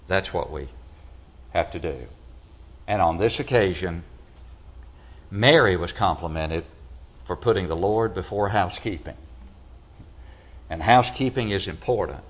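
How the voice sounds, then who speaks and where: A man preaching a sermon to a congregation in a church, asking them rhetorical questions and swinging between loud, emphatic peaks and quiet, low drops. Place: church building.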